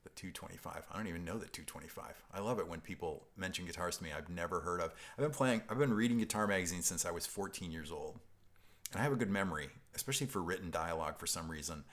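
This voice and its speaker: A man's voice: low voice, quick pace, a bit bright. A man from upstate New York hosting a guitar live stream, chatting loosely and reading out viewer comments with frequent restarts and chuckles. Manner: rambling, self-interrupting, chuckling.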